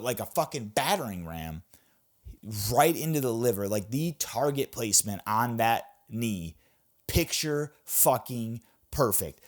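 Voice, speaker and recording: A young man from the American Midwest recapping fights in a casual, excitable way, swearing often and restarting his sentences as he rambles. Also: mid-range voice. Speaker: MMA recap host.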